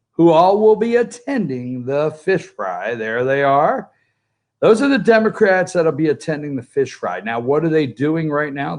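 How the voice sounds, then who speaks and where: A man hosting a political opinion show from home by a pool, remote from the studio, talking in a sarcastic, jokey and animated way. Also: medium pitch. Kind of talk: opinionated talk-show commentary.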